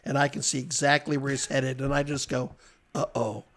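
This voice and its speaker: A man on a podcast as guest, telling casual anecdotes with animated delivery and frequent chuckles. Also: mid-range voice, brisk. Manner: animated storyteller, chuckles often.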